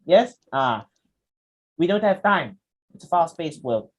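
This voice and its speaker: A man's voice: a little high, very animated, a little slow, highs cut off. A young man with a Malaysian accent teaching a public speaking workshop in a chatty, demonstrative way with frequent asides. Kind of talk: lecturing a workshop.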